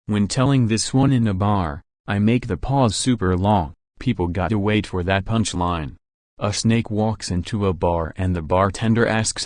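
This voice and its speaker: A man reading a string of jokes aloud in a flat, even delivery. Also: lowish voice, normal speed, dry recording, clean studio sound. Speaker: joke narrator. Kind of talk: scripted joke reading.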